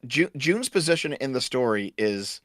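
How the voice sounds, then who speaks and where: A man's voice: medium pitch, big pitch swings, normal speed, a bit bright, no echo, clean studio sound. A man casually explaining a horror movie's characters in a loose, chatty way.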